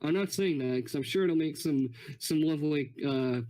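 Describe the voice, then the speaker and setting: A man co-hosting a podcast, asking halting, teasing questions in casual chat. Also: a little high, dark tone. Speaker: podcast co-host.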